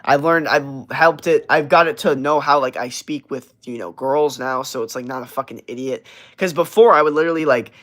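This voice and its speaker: A man's voice: mid-range voice, fairly quick, fairly bright tone. A young man hosting a livestream, chatting casually in a brash, profane, rambling way with lots of fillers and restarts. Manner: reads and answers live chat messages. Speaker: livestream host.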